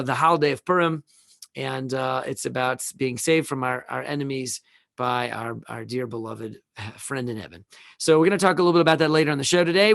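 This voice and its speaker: Gravelly man hosting a live teaching show. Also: a little high, dry recording, studio quality. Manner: animated, rambling, many restarts and fillers. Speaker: host. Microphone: video call.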